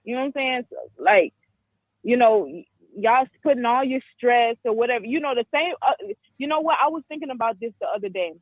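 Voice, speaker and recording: A woman in her twenties from the Caribbean, calling in to a talk show and giving blunt, frank opinions with many halting restarts over a phone line. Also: fairly high pitch, no room sound. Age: 20s. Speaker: caller. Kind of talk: call-in commentary. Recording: tinny dry phone line.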